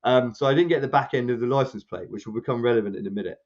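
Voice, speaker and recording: The sound is lo-fi, and this podcast co-host is racing as he rambles through a casual story. He gets animated, acting out other people's lines in a higher voice.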